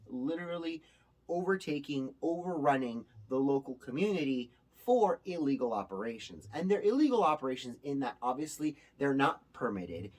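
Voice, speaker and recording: A male host giving casual spoken commentary to his viewers in an emphatic way, with a touch of sarcasm. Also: mid-range voice. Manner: animated, emphatic, sometimes sarcastic. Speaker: show host.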